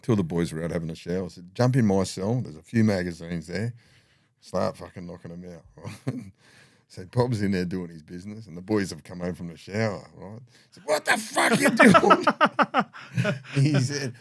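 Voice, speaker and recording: A middle-aged man with an Australian accent and a very deep, low-pitched voice. He spins rough, profane yarns in a casual chat, breaking into laughter as he goes. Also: fairly quick, dark tone, no room sound, clean studio sound. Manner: profane, laughing yarn-spinner. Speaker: guest. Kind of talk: casual storytelling.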